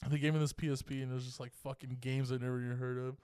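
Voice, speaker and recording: A man's voice: medium pitch, level tone, very fast, a little mellow, clean tone, no echo, studio quality. A young man from California co-hosting a podcast, telling a rambling, profane story in casual chat. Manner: profane, rambling, laughing as he talks. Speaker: podcast co-host.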